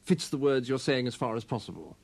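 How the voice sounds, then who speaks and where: A man's voice: mid-range voice, expressive, a little fast, darkish tone. A man playing a pompous, rambling veteran stage actor in a comedy sketch, with a plummy voice. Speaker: interviewee.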